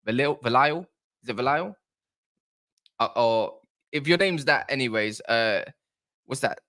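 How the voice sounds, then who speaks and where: A man hosting a casual football fan live chat, excitable and rambling, bantering with viewers' comments. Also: medium pitch, a little slow. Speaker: football fan livestream host.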